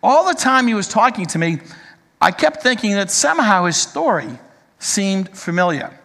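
High-voiced man preaching in a reverberant hall. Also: very animated, vocal fry, a bit bright. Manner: earnest, measured storyteller who reads a story aloud. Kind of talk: sermon storytelling.

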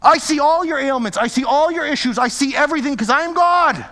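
A man's voice: very high-pitched, a little fast, sharp tone, in a large hall, pitched above the performer's own voice. A man preaching a sermon, voicing God as a loving, all-knowing figure who speaks earnestly and repeats his words. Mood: tender.

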